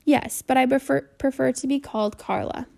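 A gentle school counselor, calm and accommodating, pitched slightly brighter than the narration, as a woman reads her. The voice keeps a gravelly fry. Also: moderate pace.

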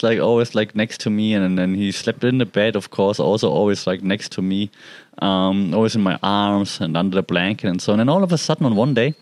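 A man's voice: lowish voice, a little fast, darkish tone, no echo. A man casually telling a personal story about his pet, rambling with lots of "like" and restarts. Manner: rambling, heavy use of "like" and restarts.

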